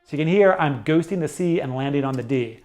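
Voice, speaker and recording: A middle-aged man teaching a saxophone lesson, explaining jazz articulation step by step in a clear, methodical way. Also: on the high side, lively intonation, quick pace, loud music behind the voice. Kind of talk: instructional music lesson.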